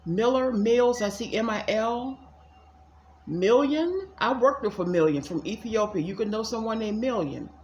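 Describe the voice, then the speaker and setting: This DC woman, a psychic tarot reader, gives a chatty at-home reading, addressing viewers as y'all and circling back over her words. Her voice is fairly high-pitched, also described as mid-range, with a darkish tone, animated and a little slow; the lo-fi recording carries clear room echo and a faint hum.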